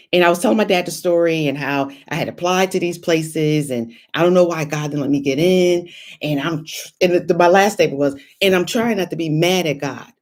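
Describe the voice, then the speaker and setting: Lowish-voiced woman hosting a faith talk. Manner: animated, encouraging, storytelling. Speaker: host. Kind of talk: casual faith livestream talk.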